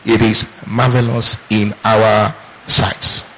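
A man's voice: fairly low pitch, little pitch movement, slow, pushed and bright, low-quality recording. A man preaching a sermon, asking rhetorical questions and answering them in call-and-response. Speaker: pastor.

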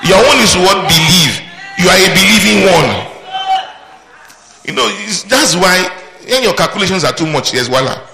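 A man preaching a fervent sermon, repeating declarations and breaking into shouts. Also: sits high, lively intonation, moderate pace, vocal fry, long pauses, reverberant. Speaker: pastor. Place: church service.

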